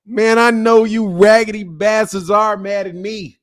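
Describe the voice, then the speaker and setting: A boxing channel host with a fairly high voice trash-talks brashly and with swagger during a live stream, commentating and chatting with viewers. He laughs often, and his generally flat, slightly slow delivery swings from loud, shouted outbursts to low mutters.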